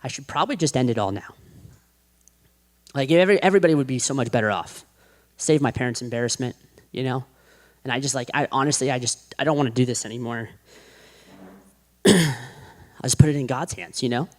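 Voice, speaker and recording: Man of medium pitch telling his testimony to a crowd; chaotic and rambling, sinks to a quiet hush when it gets heavy. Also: a little fast, pauses often. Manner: rambling, self-described chaotic, with many restarts; drops to a hushed, quiet voice at heavy moments. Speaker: guest giving a testimony. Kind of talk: personal faith testimony to an audience.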